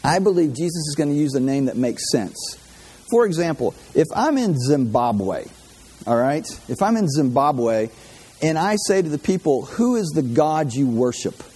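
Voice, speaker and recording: Pitched fairly high, this man's warm, slightly rough voice is very animated and moves at a normal speed. Teaching a Bible class in the manner of a relaxed, informal sermon, he chats with his audience, often repeating himself, restarting, and asking them questions.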